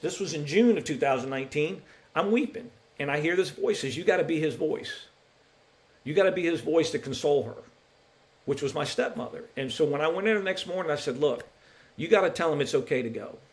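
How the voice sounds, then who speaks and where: Middle-aged man, podcast guest; earnest, emotional testimony, slightly higher voice, frequent restarts. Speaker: podcast guest, college basketball referee. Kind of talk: personal testimony in a podcast interview.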